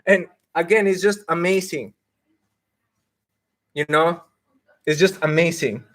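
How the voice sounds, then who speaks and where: A man's voice: on the high side, takes it slowly, fairly bright tone. A man coaching people on IT careers during a live stream, emphatic, often laughing and acting out mock quotes.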